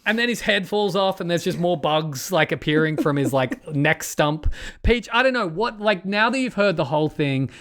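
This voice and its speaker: A man's voice: on the high side, moderate pace. A man co-hosting a podcast, recapping a film's plot and gushing about its scenes in casual chat. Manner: excitable, narrates plot then gushes. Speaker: podcast co-host.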